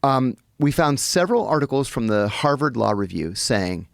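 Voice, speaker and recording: A man from the United States with a gravelly, fry-laden voice recounts events as a podcast guest, slipping into the voices of people he quotes. The sound is dry and close, with no room around it. His pitch sits in an ordinary middle range. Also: moderate pace, no echo. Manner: animated storytelling, acting out quoted people. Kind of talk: storytelling in a podcast interview.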